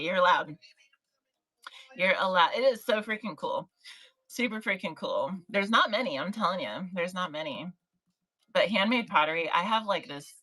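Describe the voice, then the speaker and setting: A woman's voice: on the low side, sharp tone, low-quality recording. A woman hosting a casual livestream for online sellers, chatty and encouraging, greeting viewers from the chat by name. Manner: chatty, encouraging, reads chat names aloud.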